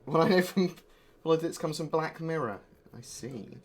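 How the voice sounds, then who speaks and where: A man with an expressive voice on the high side livestreams a video game, talking at normal speed. His chat rambles and wanders with lots of asides, and faint music plays in the background.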